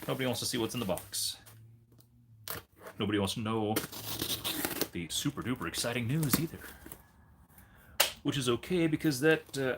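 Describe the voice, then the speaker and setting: A man's voice: mid-range voice, noisy background. A man hosting a casual livestream, chatting in a rambling way and breaking off to talk to his dog. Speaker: livestream host.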